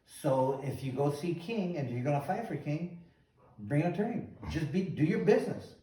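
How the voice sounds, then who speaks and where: A man hosting a show and telling a long story in an animated, casual way, often repeating "he goes". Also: on the high side, moderate pace. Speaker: host, former boxer. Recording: roomy echo, distant mic.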